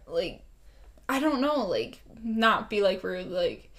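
A woman's voice: mid-range voice, slow pace. A young woman co-hosting a podcast, chatting casually and telling stories animatedly, with lots of "like" and laughter. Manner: animated storytelling, full of "like" and laughter. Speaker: podcast co-host. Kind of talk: casual chat.

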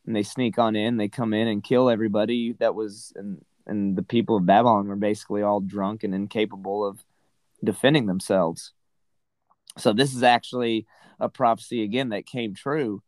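A man with a fairly low voice talks through a scripture passage in a loose, conversational way. He circles back and restarts his thoughts, dotting them with "right?" and "you know". The sound is dry and close, with no room around it. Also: fairly even intonation, moderate pace, darkish tone, no room sound, low-quality recording. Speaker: Bible study podcast co-host. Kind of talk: casual scripture discussion.

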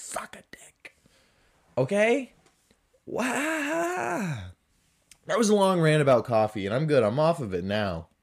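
Animated man ranting on his podcast. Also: mid-range voice, a little fast, few pauses. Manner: animated, swings between loud and muttered asides. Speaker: podcast host. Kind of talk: casual solo rant.

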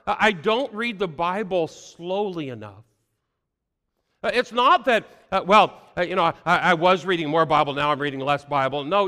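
Male pastor, high voice, earnest sermon, repeats phrases, echoing hall. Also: pushed and bright. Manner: earnest, many "uh" fillers, repeats key phrases.

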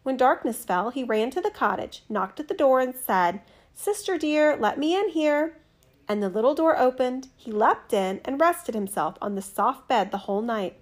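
Gentle woman reading a fairy tale. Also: a little high, expressive, normal speed, few pauses. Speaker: storyteller.

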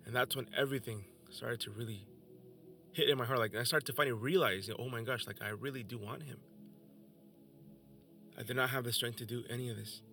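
A man's voice: medium pitch, creaky, bright, forceful tone. A young man hosting a podcast, telling his personal faith testimony in an emotional, earnest way. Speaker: podcast host.

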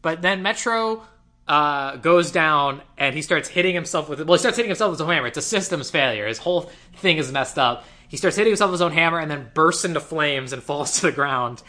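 A man casually retelling a movie plot to a co-host, animated and quoting the characters as he goes. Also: fairly high pitch. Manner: animated storytelling, quoting characters in quick voices. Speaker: podcast co-host. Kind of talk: casual movie recap chat.

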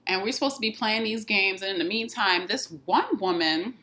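A woman's voice: medium pitch, normal speed. A young woman co-hosting a podcast, telling stories animatedly and acting out what people said. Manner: animated, laughing, acts out quotes. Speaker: podcast co-host. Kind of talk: casual storytelling chat.

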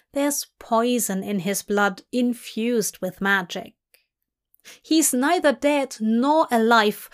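A woman reading a fanfiction story aloud in slow, even storybook narration. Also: on the high side. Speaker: fanfiction reader.

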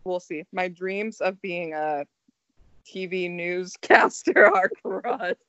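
Animated, self-deprecating young woman. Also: lowish voice, slow pace, gravelly, no echo, muffled recording. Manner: animated storytelling, self-deprecating, many fillers. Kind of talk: casual chat.

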